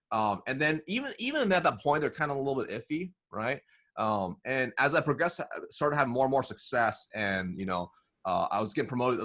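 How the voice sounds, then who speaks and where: A man being interviewed as a sales consultant, telling stories in a lively way, often saying "right?" and acting out bits of dialogue. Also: mid-range voice. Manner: animated, says "right?" often, acts out dialogue. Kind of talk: casual interview storytelling.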